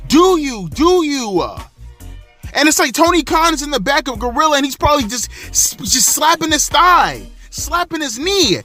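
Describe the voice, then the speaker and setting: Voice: high-pitched, lively intonation, normal speed, few pauses, pushed and bright, faint music behind. A wrestling vlogger in an angry, profane, exasperated rant, delivering heated commentary. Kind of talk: ranting commentary.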